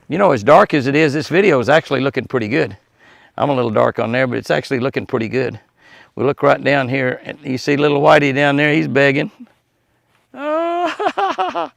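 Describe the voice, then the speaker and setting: A man's voice: mid-range voice, creaky, no echo. An older man chatting outdoors by an animal pen at dusk, folksy and chuckling as he talks to the deer. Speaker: ranch vlogger. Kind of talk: casual outdoor vlog narration.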